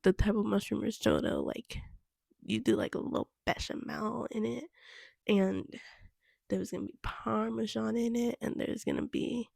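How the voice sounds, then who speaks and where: A woman's voice: mid-range voice, vocal fry, no room sound, clean studio sound. A young woman cook chatting casually about kitchen mistakes, rambling with lots of "like" and "um". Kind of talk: casual vlog chat.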